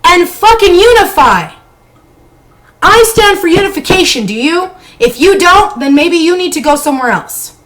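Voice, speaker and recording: Heated high-voiced woman ranting. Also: lively intonation, moderate pace, a bit bright, poor audio. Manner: blunt and heated, heavy swearing. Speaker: live-stream vlogger. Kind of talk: unscripted live-stream rant. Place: bedroom.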